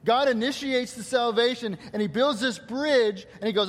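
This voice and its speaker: A man's voice: very high voice, moderate pace, few pauses. A male pastor preaching a sermon to his congregation, asking rhetorical questions and quoting scripture. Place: church hall. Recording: long hall reverb.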